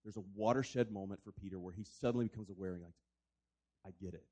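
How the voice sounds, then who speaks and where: A man, a pastor, unpacks scripture in an easy, reflective conversational manner. His voice is mellow and warm. He tells the story with a preacher's sense of scene. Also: on the low side, racing, muffled recording. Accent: non-local accent. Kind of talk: conversational Bible discussion.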